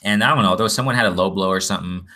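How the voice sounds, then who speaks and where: Rambling man with a bright voice. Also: low voice, rapid-fire. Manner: rambling, repeats "you know what I'm saying". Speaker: boxing vlogger. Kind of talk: casual chat.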